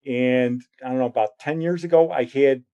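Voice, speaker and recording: A man's voice: moderate pace, clear, resonant tone, lo-fi sound. A middle-aged man telling personal memories in a casual, rambling way. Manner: rambling, conversational, drops lower and quieter when reflective. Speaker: storyteller.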